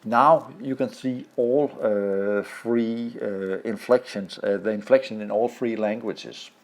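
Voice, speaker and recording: A man from Denmark with a Danish accent, a native Danish speaker, explaining a language lesson over slides and pausing often to find his words. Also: on the low side, steady tone, gravelly, a little mellow. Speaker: language teacher.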